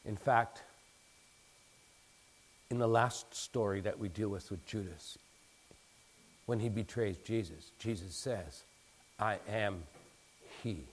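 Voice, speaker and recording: A man preaching a sermon in an animated way, acting out bits of dialogue and building to emphatic peaks. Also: on the low side, slow, long pauses, a little hiss or hum. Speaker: pastor.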